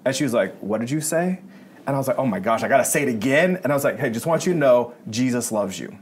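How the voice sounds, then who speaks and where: A man's voice: mid-range voice, racing, slight background noise. A man, a pastor, telling a personal story in a casual chat, acting out his own thoughts along the way. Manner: animated storyteller, acts out his own inner dialogue.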